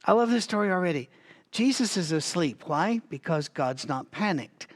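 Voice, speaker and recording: A man's voice: sits high, lively intonation, normal speed. A man leading a Bible study in a conversational teaching style, thinking aloud with asides and restarts, and coughing now and then. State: has a recurring cough.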